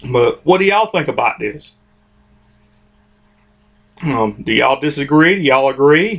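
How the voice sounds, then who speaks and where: A man with a notably high voice hosts his own vlog and rants about comics. He sounds heated and informal, circling back to repeat himself and restarting his sentences. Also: a bit bright. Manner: heated, repetitive, informal, restarts phrases often. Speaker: host of a comics commentary channel. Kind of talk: opinionated vlog rant.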